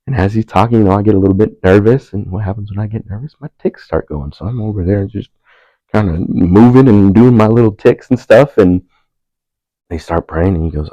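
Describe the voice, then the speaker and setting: A young man telling a personal story in a casual panel talk, relaxed and laughing, animated when quoting people. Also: sits low, fairly quick, no echo, lo-fi sound. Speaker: panel speaker.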